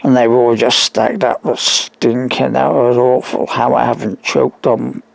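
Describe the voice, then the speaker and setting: A weak man on a phone call who tells his story in a rambling, halting way, full of restarts and asides. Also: mid-range voice, little pitch movement, vocal fry. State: weak and struggling to breathe. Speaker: caller.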